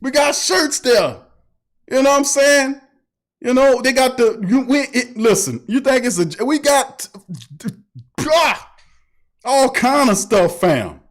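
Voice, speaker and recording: A man hosting a casual sports talk livestream, animated and emphatic, repeating himself and often laughing. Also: extremely high pitch, takes it slowly, pauses often. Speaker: sports talk show host.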